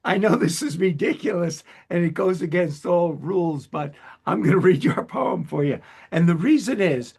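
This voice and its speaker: A man from Long Island hosting an interview in a chatty, self-deprecating way, quick to laugh. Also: high voice, expressive, vocal fry, a little mellow, breathy edge. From Long Island, United States. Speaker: host. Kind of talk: conversational interview.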